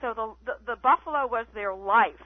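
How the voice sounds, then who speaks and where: A woman guest telling stories on a phone-in radio interview, chatty and animated. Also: a little high, moderate pace, no room sound. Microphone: telephone. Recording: tinny phone line, dry.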